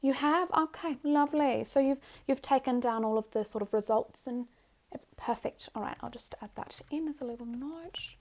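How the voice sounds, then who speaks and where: A woman's voice: sits high, normal speed, a little mellow. A woman playing a doting rich Australian mum, whispered role-play. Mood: gushing. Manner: gushing and fussy, calls the listener darling. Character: doting wealthy middle-aged Australian mother.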